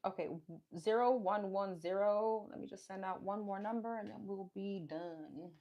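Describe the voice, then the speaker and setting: A woman's voice: medium pitch, normal speed, lo-fi sound. A woman giving a casual live tarot reading, chatting and thinking aloud as she names the cards. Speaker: tarot card reader. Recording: clear background noise.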